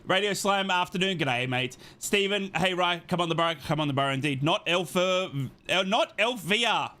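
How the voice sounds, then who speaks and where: A man with a bright, sharp and slightly high voice hosts a live football watchalong stream. He reads the team lineups and greets chat viewers one by one. His delivery stays upbeat and chatty. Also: lively intonation, moderate pace.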